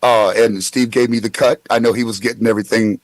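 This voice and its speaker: A man's voice: medium pitch, steady tone, quick pace, no room sound, low-quality recording. A man in his forties who tells rambling anecdotes with stammered restarts in a casual interview. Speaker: guest voice actor.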